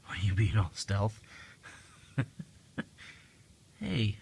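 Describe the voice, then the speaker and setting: A man filming his kitten at home, coaxing it in a high baby-talk voice and sounding worried. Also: moderate pace, vocal fry, fairly bright tone, a little hiss or hum. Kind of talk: casual home video talk.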